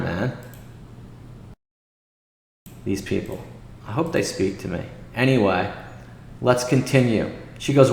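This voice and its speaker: A man hosting a trading show, telling an indignant story and reading messages aloud in a lively, exasperated way. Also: lowish voice, normal speed, vocal fry. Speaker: day trading show host. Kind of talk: casual livestream talk. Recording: echoey room with long reverb.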